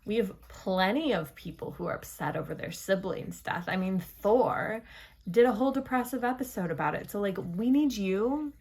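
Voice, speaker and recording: A young woman talks through a TV episode in a casual spoiler review. She is chatty and playful and throws in dramatic asides. Her voice sits at an ordinary middle pitch for a woman. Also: lively intonation, normal speed, vocal fry, a little mellow.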